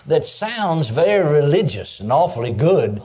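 A man's voice: a little high, very animated, measured pace, mellow. A man preaching a sermon, emphatic, breaking in with cries of praise and calling on listeners to answer him. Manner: calls for audience response.

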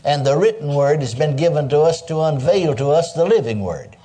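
An older man preaches in a homey, animated style, sprinkling praise asides through his points. His voice sits fairly high for a man, with a warm, mellow tone. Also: a little fast. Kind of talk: sermon.

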